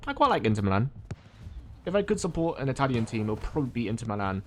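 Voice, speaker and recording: A man's voice: mid-range voice, very animated, racing, slight background noise. A man from Ireland streaming a game, chatting casually and a bit groggily, rambling with fillers and restarts. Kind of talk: casual chat while playing a game.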